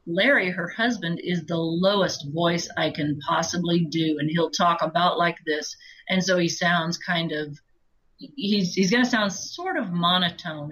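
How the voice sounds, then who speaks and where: A woman with a low voice, an audiobook narrator talking through her approach in a chatty, explanatory interview. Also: a bit bright, poor audio. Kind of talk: conversational interview.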